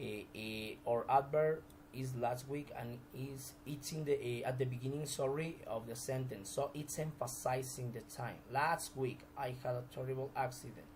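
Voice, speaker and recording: A man's voice: mid-range voice, a little mellow, slight background noise, low-quality recording. A man teaching a recorded grammar lesson, explaining examples step by step with frequent restarts.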